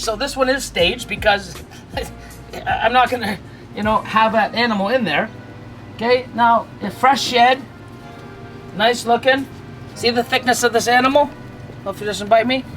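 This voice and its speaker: A reptile breeder talks at a middling pitch through a hands-on feeding demonstration, chatty and reassuring. Now and then they break into mock-panicked asides before calmly setting things straight. Faint music plays under the voice, recorded indoors by the enclosures. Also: moderate pace. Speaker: ball python breeder. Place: indoors beside snake enclosures.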